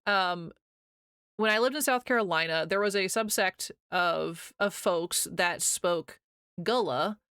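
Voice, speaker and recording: A woman's voice: lowish voice, slow, a bit bright, clear, resonant tone, no echo, studio quality. A young American woman streaming live, chatting casually with her viewers, rambling and laughing often as she reads chat aloud.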